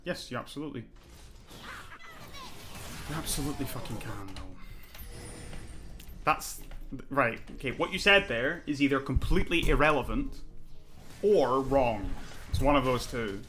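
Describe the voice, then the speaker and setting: Male game streamer, bright tense voice, argumentative and profane, faint music under him. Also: medium pitch, lively intonation, normal speed, pauses often. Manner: heated, profane, argumentative, self-critical. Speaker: streamer playing a competitive online game. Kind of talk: live gameplay commentary and ranting.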